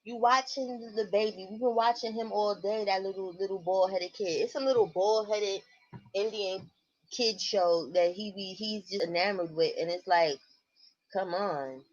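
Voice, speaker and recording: A woman, host of a casual livestream, telling stories to her viewers at home in a blunt, profane, animated way. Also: mid-range voice, normal speed. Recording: muffled lo-fi stream audio.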